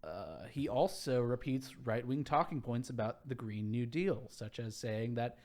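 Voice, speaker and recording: A man's voice: medium pitch, unhurried, a little mellow. Sarcastic young man hosting a podcast. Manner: sarcastic, profane, reads candidate rundown. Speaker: podcast host. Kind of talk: casual chat.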